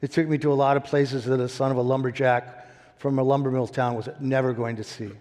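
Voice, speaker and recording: A man in his sixties telling his story as a winery founder, animated and laughing often. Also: mid-range voice, fairly quick, in a large hall. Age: 60s. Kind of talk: storytelling interview.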